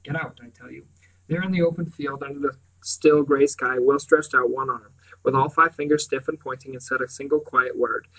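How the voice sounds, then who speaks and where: A man reading a novel aloud in a steady, measured storybook narration. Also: mid-range voice, recorded from a distance, rough recording. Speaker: audiobook reader.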